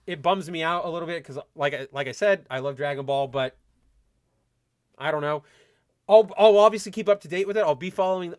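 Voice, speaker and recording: Excitable stammering man, higher voice. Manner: rambling, stammering restarts, swears freely; excitable, fan-like. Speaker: podcast host. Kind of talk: casual livestream chat reading viewer comments.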